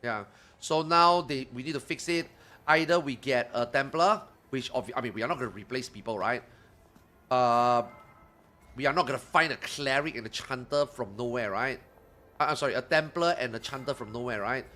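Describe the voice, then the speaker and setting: A man streaming games live, chatting casually and ranting with lots of swearing, getting loud when worked up. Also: mid-range voice, normal speed. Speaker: gaming streamer.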